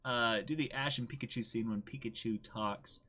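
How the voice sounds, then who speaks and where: A man co-hosting a podcast, chatting casually and excitably, rambling and trying out voices. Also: mid-range voice, normal speed, a little hiss or hum. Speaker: podcast co-host. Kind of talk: casual chat.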